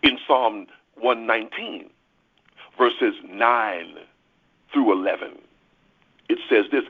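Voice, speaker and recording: A man's voice: on the low side, slow pace, gravelly, long pauses. A man preaching earnestly, stressing key words and repeating himself as he starts phrases. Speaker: pastor. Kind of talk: sermon on a prayer call. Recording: tinny phone line.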